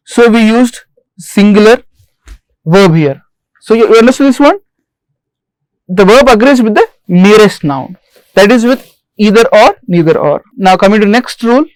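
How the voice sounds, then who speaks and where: A man giving a recorded grammar lecture as a lecturer, stressing single words slowly and repeating each rule and example. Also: high-pitched, no echo, low-quality recording. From India. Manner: repeats rules and examples deliberately. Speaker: English lecturer.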